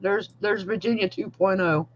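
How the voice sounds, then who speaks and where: A woman co-hosting a casual fan podcast, animated, saying y'all and laughing often. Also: mid-range voice, moderate pace, muffled recording, a little hiss or hum. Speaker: podcast co-host.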